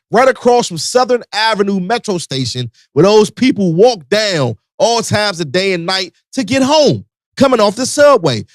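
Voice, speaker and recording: High, lively-voiced radio host. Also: male voice, no echo, studio quality. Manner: animated, preachy, conversational with slang. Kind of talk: casual radio talk.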